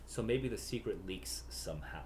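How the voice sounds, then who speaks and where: A man with a low, lively voice talks through his reactions to a play, chatty and musing. He often catches himself and corrects his words mid-thought. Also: normal speed, noisy background. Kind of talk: casual reading reaction.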